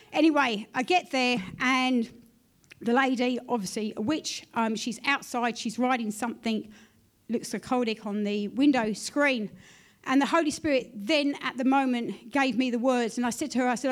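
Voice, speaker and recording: A woman pastor telling a church testimony in an animated storytelling way. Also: high-pitched, normal speed. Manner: animated storytelling, acts out her own quoted prayers.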